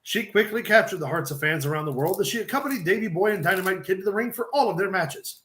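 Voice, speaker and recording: A man's voice: high-pitched, lively intonation, fast, a bit bright, roomy sound, a little hiss or hum. A man hosting a casual podcast and reading a script aloud in a blunt, loose way. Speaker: podcast host.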